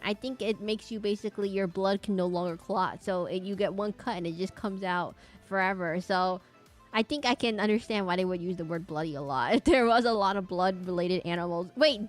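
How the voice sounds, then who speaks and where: A woman VTuber streamer in casual chat while she draws, rambling and breaking off her own sentences, sometimes dropping to a quiet mutter. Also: mid-range voice. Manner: rambling and self-interrupting, often laughing.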